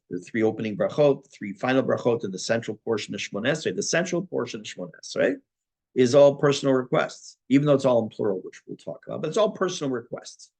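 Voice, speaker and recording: A man's voice: medium pitch, husky. A man, a rabbi teaching a class on prayer, reading Hebrew texts and explaining them in plain, conversational English. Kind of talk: spoken Torah class on prayer.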